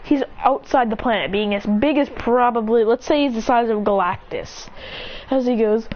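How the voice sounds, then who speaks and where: A woman's voice: a little high, moderate pace, lo-fi sound, noisy background. A woman narrating an improvised action story in long run-on sentences with frequent restarts. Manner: breathless run-on telling with many restarts.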